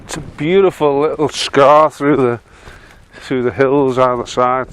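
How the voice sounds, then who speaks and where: A man from Yorkshire, England, walks across windy open moorland as a walking guide vlogger, giving casual commentary. His medium-pitched voice is smooth and unhurried with fairly even intonation, and he's self-mocking, laughing often.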